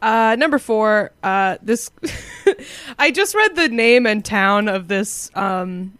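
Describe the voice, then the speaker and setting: A woman's voice: mid-range voice, expressive, slow pace, a bit bright. A woman from Massachusetts co-hosting a casual chat, telling a story in a rambling way and laughing often. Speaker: podcast co-host.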